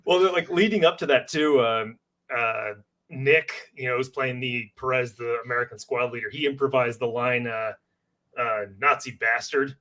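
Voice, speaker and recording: A man's voice: mid-range voice, steady tone, moderate pace, fairly bright tone. A man chatting casually about working on a film shoot, laughing often and filling his talk with lots of "like". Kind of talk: casual chat.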